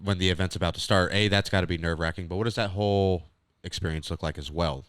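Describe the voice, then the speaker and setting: A man's voice: sits low, fairly even intonation, fast, a bit bright, clear, resonant tone, no echo, studio quality. A man hosting a podcast, asking chatty, leading questions in a casual interview. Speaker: podcast host.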